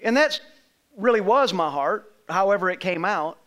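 A man with a high, bright voice tells a story from the pulpit in an easy, chatty way. He turns to people in the room to check the details. It sounds like a pastor at a casual sermon. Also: expressive, moderate pace. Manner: conversational storytelling, asks congregation members questions.

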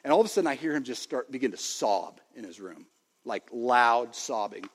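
A man in his thirties preaching a sermon, telling a family story with animated swings between loud and hushed delivery. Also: mid-range voice, moderate pace, slightly rough. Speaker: pastor. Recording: long reverb of a large hall.

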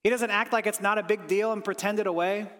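A pastor with a strikingly high voice gives an earnest sermon, dropping to a soft hush for reflective lines and rising for pleading prayers. He speaks fast in a steady tone, and a long reverberant tail suggests a church sanctuary.

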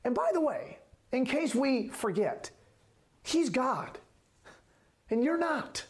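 A man's voice: extremely high pitch, very animated, slow pace. Man preaching with emphatic repetition. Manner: emphatic, repeats key phrases, rhetorical questions. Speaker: pastor. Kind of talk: sermon.

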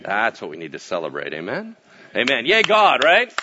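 A man delivers a casual, storytelling sermon from a church pulpit. His pitch jumps all over the place as he acts out quotes, swinging from booming to hushed. The recording is muffled and lo-fi. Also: wildly swooping pitch, moderate pace, background noise. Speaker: pastor.

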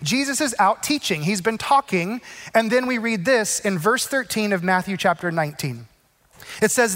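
A man preaching a sermon in a conversational, animated way, often checking in with the congregation. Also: high voice, normal speed, long reverb tail. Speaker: pastor.

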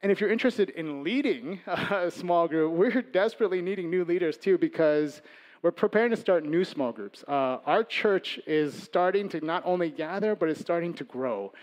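Conversational pastor, a man with a higher voice. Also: expressive, normal speed. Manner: conversational, swings between loud emphasis and soft asides. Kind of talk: sermon.

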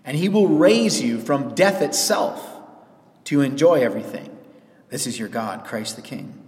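Conversational male pastor, animated; church hall with a long echo. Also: medium pitch, measured pace. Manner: conversational, animated, with quoted asides. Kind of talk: sermon. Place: church sanctuary.

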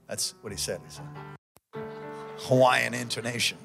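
A man preaching a sermon as pastor, with fervent call-and-response that swings between shouting and quiet storytelling. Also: mid-range voice, fairly even intonation, normal speed, creaky, long pauses, music in the background.

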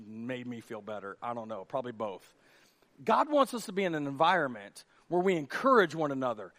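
Higher-voiced male pastor preaching a sermon. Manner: conversational, drops to a hush for acted dialogue, then rises to near shouts. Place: church auditorium stage.

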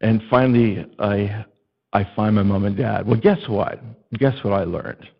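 A middle-aged man preaching a sermon as a pastor, telling a childhood story with animated storytelling and building to urgent repeated appeals. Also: fairly low pitch, a little slow, creaky, husky, muffled recording. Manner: animated storytelling, acts out a child's panicked screams.

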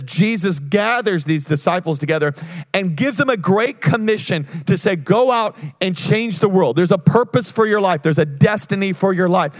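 Pastor, male, mid-high pitch, lively call-and-response preaching. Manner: energetic preaching with call-and-response and frequent restarts. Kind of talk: sermon.

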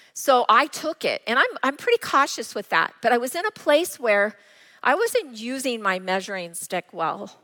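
In a church with the long reverb of its hall, a middle-aged woman pastor preaches a sermon. Her voice is on the high side, bright and forceful, as she tells personal stories earnestly and acts out quotes.

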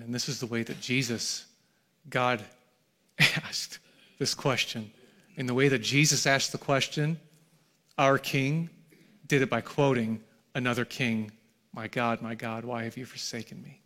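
A middle-aged man preaching to a live congregation, his voice sitting at an ordinary, mid-range pitch. He drops to hushed, breathy lines, then builds to loud, shouted climaxes. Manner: dramatic swings from hushed to shouted. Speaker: pastor. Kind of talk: sermon. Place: church hall, live before a congregation.

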